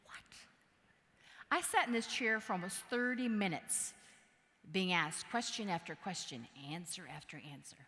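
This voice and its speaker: Woman doing a lively keynote story in a big hall, bright voice, long reverb. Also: mid-range voice, normal speed. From Wisconsin. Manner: animated, playful, acts out voices and sounds. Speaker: keynote speaker. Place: large conference hall.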